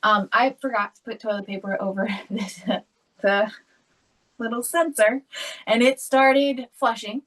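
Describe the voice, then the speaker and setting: A woman's voice: fairly high pitch, steady tone, measured pace, a bit bright, far from the mic, rough recording. A woman co-hosting a podcast, telling a family story in a casual, chatty way and often laughing as she talks. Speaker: podcast co-host. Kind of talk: casual chat.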